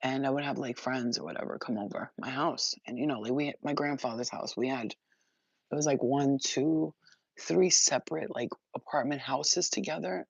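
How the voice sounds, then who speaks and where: A livestream host talking casually and cursing freely, breaking into quick impressions of other people. The voice sits in a middle pitch. The recording is dull and lo-fi, with a dry sound. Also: vocal fry, breathy edge, no room sound. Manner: profane, animated, acts out other people's voices.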